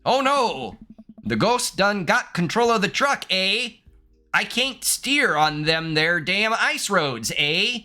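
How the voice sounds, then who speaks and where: A man's voice: sits high, sing-song, slow, pushed and bright, faint music behind, pitched above the performer's own voice, exaggerated voice. A man voicing a hokey ghost-hunting ice-road trucker in a put-on Canadian accent, drawling and exaggerated. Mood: panicked. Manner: drawling, panicky, exaggerated yokel twang.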